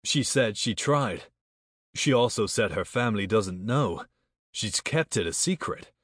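A man's voice: fairly low pitch, expressive, unhurried, fairly bright tone, husky, dry recording, studio quality. A man narrating a first-person audiobook, with a tense inner monologue full of swearing.

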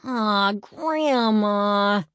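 A woman's voice: on the low side, lively intonation, normal speed, no room sound, studio quality. A woman voicing a grumpy, sarcastic young boy who whines and mutters in a children's storybook. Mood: grumbling. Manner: whiny, sarcastic.

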